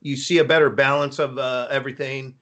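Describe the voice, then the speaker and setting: A man hosting a live stream, chatting casually and telling rambling, animated stories. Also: medium pitch, a little fast, muffled recording. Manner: rambling, animated storytelling with quoted voices. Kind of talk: casual chat.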